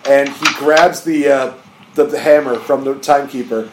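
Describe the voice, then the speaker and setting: A man's voice: mid-range voice, fairly even intonation, normal speed, background noise. Podcast guy telling a wrestling story, acts out the quotes, laughs a lot, echoey room. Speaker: podcast co-host. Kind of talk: casual wrestling recap chat.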